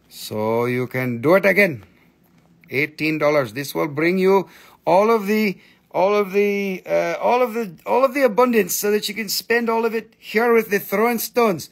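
A man hosting a live crystal sale, chatty and excitable, with crude jokes and non-native phrasing. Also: a little high, gravelly. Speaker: live-stream crystal seller. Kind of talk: casual live sales chat.

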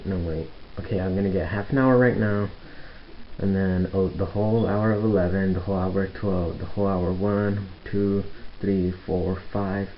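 A young man vlogging casually at home at night, rambling and chatty, going quiet as he gets sleepy. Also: sits low, a little hiss or hum. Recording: dull lo-fi home video.

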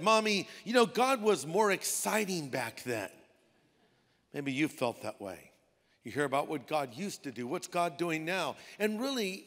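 Male pastor, high voice, casual storytelling sermon in a reverberant auditorium. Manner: conversational preaching with playful put-on voices. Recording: long hall reverb.

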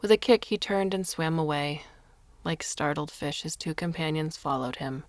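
Low-voiced woman reading a story. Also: no room sound. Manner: measured storytelling. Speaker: narrator. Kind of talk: scripted narration.

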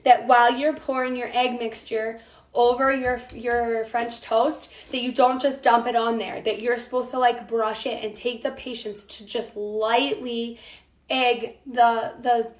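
A woman's voice: on the high side, level tone, unhurried. A young woman hosting a casual cooking demonstration from her home kitchen. She chats with viewers and answers their comments while she gets over a lost voice. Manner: chatty, talks to viewers as "you guys" and answers comments. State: recovering from a lost voice. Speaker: cooking show host. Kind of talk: chatty live cooking demonstration. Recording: echoey room with faint noise.

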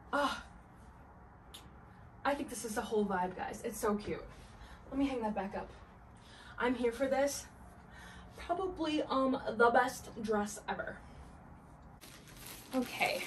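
A young woman talks through a fashion try-on haul with gushing, bubbly enthusiasm. Her voice sits a little high. A faint room hum stays behind her. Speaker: fashion vlogger.

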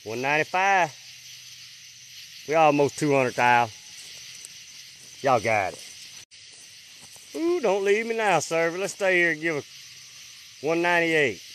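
A man's voice: a little high, animated, slight background noise. Man livestreaming outdoors at night. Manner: drawling, rattles off names fast, drops to a hush when listening. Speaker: livestream host. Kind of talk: late-night outdoor livestream, shout-outs to viewers. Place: outdoors on a rural farm at night.

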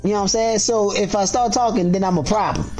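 A man co-hosting a podcast, talking loud and profane in casual chat, telling animated stories. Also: high-pitched, fast, soft background music. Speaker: podcast co-host.

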